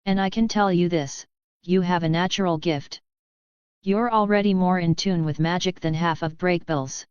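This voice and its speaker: A woman reading the part of a confident, smirking young male warlock who speaks calmly and firmly. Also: fairly low pitch, normal speed, clean tone, dry recording, lo-fi sound, close to an everyday voice. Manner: calm, firm, knowing.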